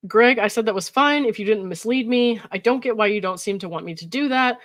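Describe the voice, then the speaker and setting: Reading texts aloud with mock emphasis, a woman host adds casual commentary, exasperated asides, frequent laughter, and plenty of "likes" and "ums." Her voice sits on the high side, a bit bright and brisk. There is no room sound in the recording.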